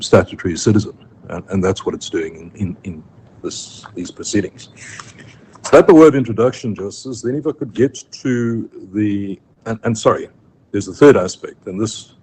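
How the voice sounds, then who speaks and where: A man with a South African accent, arguing formally before a judge in a courtroom, measured and careful, with frequent ums and self-corrections. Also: sits low, a little mellow, rough recording. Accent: South African English. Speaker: advocate addressing the court. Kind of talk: legal argument in court. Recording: faint room noise, live court stream.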